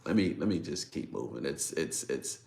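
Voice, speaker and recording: A man preaching a daily devotional sermon, emphatic and swinging from loud declarations to hushed asides. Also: rumbling low, expressive, moderate pace, vocal fry, background noise. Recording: roomy echo.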